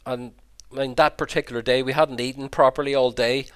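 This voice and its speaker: A man's voice: mid-range voice, steady tone, fairly quick, clean tone. A middle-aged Irish man, a priest, telling a personal story over slides on a video call in an earnest, reflective way, often repeating words. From Ireland. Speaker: Jesuit priest and pilgrim guide giving a talk.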